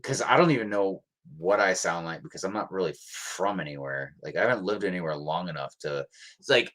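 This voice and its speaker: A livestream co-host from the US talks in a low, brisk voice. The chat is casual, and he rambles in a relaxed way with plenty of ums.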